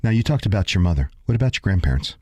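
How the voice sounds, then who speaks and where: A man hosting a casual radio show, chatty and fond of quoting studies, with halting restarts. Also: low voice, big pitch swings, a little mellow, dry recording.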